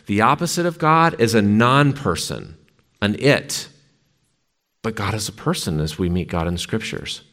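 A man's voice: on the low side, lively intonation, normal speed, fairly bright tone. A male preacher giving a sermon, telling and reading a story in an emphatic, dramatic way.

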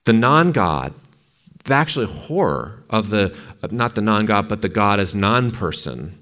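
A man's voice: on the low side, very animated, unhurried, fairly bright tone. A male preacher giving a sermon, telling and reading a story in an emphatic, dramatic way.

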